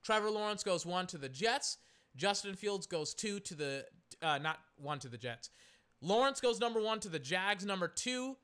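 Brief: high, bright male sports commentator, exasperated solo rant, keeps correcting himself. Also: animated, moderate pace, clean tone.

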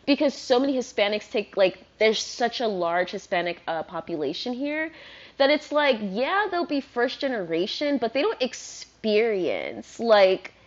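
Woman vlogger, fairly high voice, rambling casual rant, dull lo-fi sound. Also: a little slow. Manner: rambling, animated, heavy use of "like". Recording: dull lo-fi recording.

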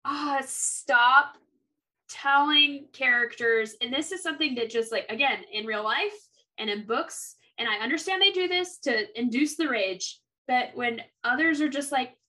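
A woman co-hosting a book podcast. Her high voice swoops all over as she gets emphatic and indignant. Her tone is bright and sharp. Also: lively intonation, a little slow, rough recording. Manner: indignant, emphatic, mocks characters in quoted voices. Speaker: podcast co-host. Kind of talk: casual book-discussion chat.

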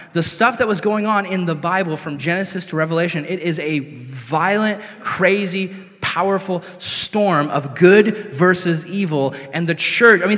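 A man preaching a sermon in a casual, conversational way that rises to animated, excited peaks. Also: a little high, normal speed. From America. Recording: long hall reverb.

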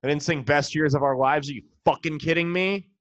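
A man's voice: on the high side, a little fast, no echo. A man, a comedian and podcast host, delivering a profane, sarcastic, exasperated comedic rant. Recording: dull lo-fi, dry.

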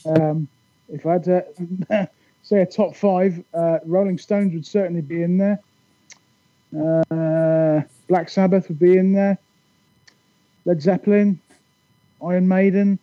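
A man from England, chatting easily as a podcast guest, laughing lightly and pausing to think. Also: sits high, fairly even intonation, no echo. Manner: easygoing, laughs lightly, hesitant. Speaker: guest, YouTuber. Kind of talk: casual podcast chat. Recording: dry, dull lo-fi audio.

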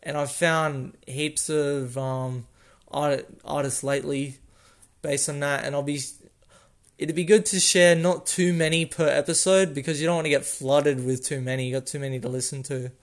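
A young Australian man hosts a casual solo podcast, rambling, losing his train of thought and correcting himself with small laughs. His voice is fairly high, steady in tone, at normal speed.

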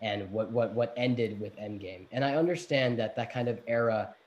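A man co-hosting a casual podcast chat, animated and playful, restarting his sentences often. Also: fairly low pitch, normal speed, lo-fi sound. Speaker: podcast co-host.

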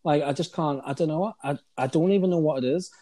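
A man's voice: a little high, fast, mellow, no room sound. A man hosting a podcast, chatting casually with rambling asides and frequent laughs. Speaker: podcast host. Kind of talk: casual chat.

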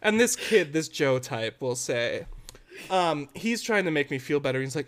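A man's voice: fairly high pitch, normal speed. Young man telling a story with animation. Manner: animated, dramatic storytelling that breaks into laughs. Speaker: podcast co-host. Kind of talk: casual storytelling.

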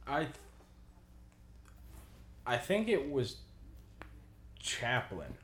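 Lively man tossing in joking asides. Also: mid-range voice, extremely slow, slight background noise. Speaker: podcast co-host. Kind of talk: casual movie commentary. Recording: roomy echo.

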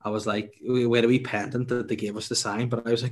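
A young man, telling a funny story in casual chat, animated and laughing, swearing freely. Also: mid-range voice, fast talker.

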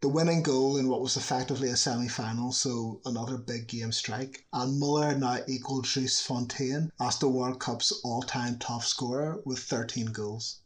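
A man's voice: medium pitch, fairly even intonation, moderate pace, few pauses. Wry man narrating football history. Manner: chatty, wry asides. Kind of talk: scripted video narration.

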